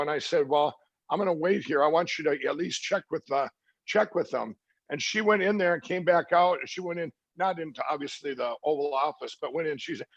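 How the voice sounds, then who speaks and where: A middle-aged man with a gravelly, raised voice tells a story in an interview. He stumbles, restarts and fills pauses as he recounts what others said. The sound is dry and somewhat muffled. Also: fairly high pitch, dry recording. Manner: halting, many restarts and fillers, quoting others. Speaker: interview guest.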